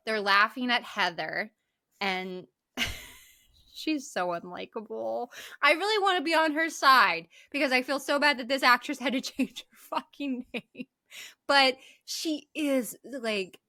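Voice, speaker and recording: A woman with a bright, forceful voice recaps a film in casual podcast chat. She swears freely and tells the story with animation. Her voice sits a little high. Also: a little slow. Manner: animated, profane retelling. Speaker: podcast co-host.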